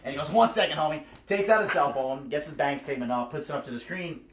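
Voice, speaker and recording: A young man rattles off a hyped, profane recruiting story at breakneck speed. His voice sits a bit high for a guy and has a streetwise swagger. The room around him is echoey. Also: fast, fairly bright tone, slight background noise. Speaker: recruiting speaker. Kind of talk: hyped storytelling pitch to a small crowd. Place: house party room.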